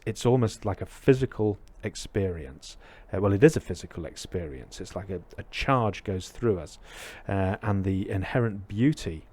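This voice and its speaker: A man giving a reflective dharma talk, telling a parable with many pauses and fillers. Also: low voice, darkish tone, breathy edge. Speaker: Buddhist teacher.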